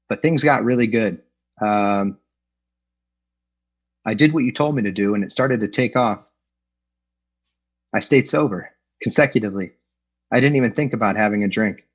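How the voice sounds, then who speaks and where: Candid, self-mocking man on a dull call. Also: fairly low pitch. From Los Angeles. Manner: candid, self-deprecating, with frequent fillers and laughs. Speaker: AA speaker sharing his story. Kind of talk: personal recovery talk. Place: home, on an online meeting. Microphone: video call. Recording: dull lo-fi online call audio.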